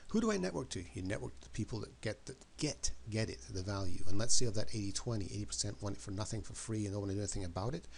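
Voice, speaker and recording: A man's voice: fairly low pitch, animated, racing, creaky, few pauses, a little hiss or hum. A man giving an emphatic motivational talk, often repeating words and questions for effect. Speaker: motivational speaker.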